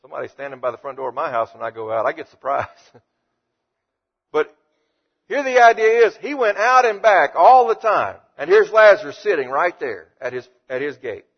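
A man's voice: fairly high pitch, very animated, moderate pace, slightly rough, lo-fi sound. A man teaching through Bible verses in a conversational way, reading each passage and then explaining it. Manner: conversational, reads verses and paraphrases them. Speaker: preacher.

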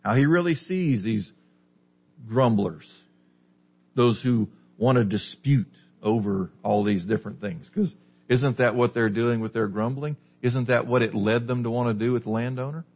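A man's voice: medium pitch, normal speed. A man preaching a sermon, putting questions to the listeners and then answering them. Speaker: pastor. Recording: dull lo-fi recording.

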